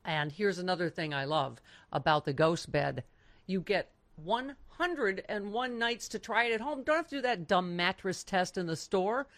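A woman's voice: fairly low pitch, lively intonation, normal speed, a bit bright, no echo. A woman host reading a sponsor ad in a chatty, upbeat selling manner. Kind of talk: sponsor ad read.

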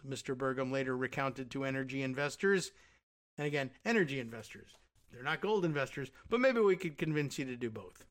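A man's voice: medium pitch, animated, brisk, a bit bright. A man reading a news article aloud and breaking off into casual, sardonic commentary full of asides and fillers.

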